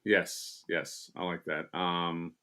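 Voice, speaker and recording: A man's voice: low-pitched, level tone, takes it slowly, bright, forceful tone, smooth. A man co-hosting a casual live stream, rambling and joking with lots of fillers and restarts. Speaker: co-host.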